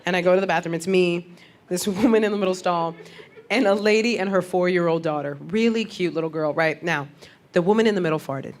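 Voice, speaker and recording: A woman's voice: fairly low pitch, a little fast. A woman performing stand-up comedy on stage, talking chattily with the crowd and asking it questions. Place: comedy stage before a live audience. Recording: live stage recording with audience laughter and noise.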